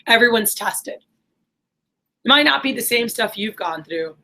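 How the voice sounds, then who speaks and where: A woman's voice: fairly high pitch, lively intonation, slow pace, gravelly, pushed and bright, poor audio. A middle-aged woman talking casually and earnestly to her viewers, rambling with many fillers and pep-talk asides. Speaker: vlogger, business manager.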